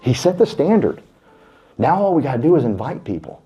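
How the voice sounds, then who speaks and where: A man's voice: mid-range voice, big pitch swings, fairly quick, warm tone, husky, highs cut off, faint music behind. A man giving a folksy, fired-up motivational speech to a room of real estate agents, urging them on like a preacher. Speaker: real estate team speaker. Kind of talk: motivational speech to a live audience.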